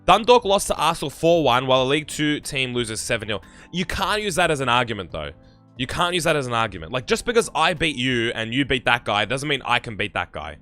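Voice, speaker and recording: A man's voice: medium pitch, big pitch swings, a little fast, sharp tone, faint music behind. A young Australian man with an Australian accent, chatting on a live game stream and reading viewer comments aloud in a rambling way. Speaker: gaming streamer.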